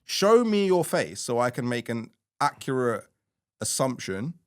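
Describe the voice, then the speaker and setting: A man's voice: medium pitch, a little slow, clear, resonant tone, dry recording, studio quality. A man, co-hosting a casual chat show and joking animatedly. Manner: animated, jokey, breaks into exaggerated quoted voices. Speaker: co-host.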